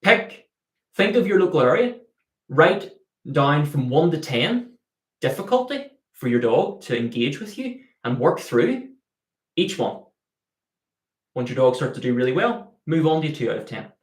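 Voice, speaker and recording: A man's voice: fairly high pitch, very animated, unhurried, roomy sound. A man, a dog trainer, answering viewer questions in a live Q&A, explaining with everyday analogies and acting out the dog's thoughts.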